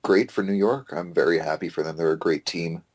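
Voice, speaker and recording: A man with a very low-pitched voice talks in a loose, casual podcast chat. He gets excitable, drops the odd swear word and restarts his sentences as he goes. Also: a little fast. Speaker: podcast co-host.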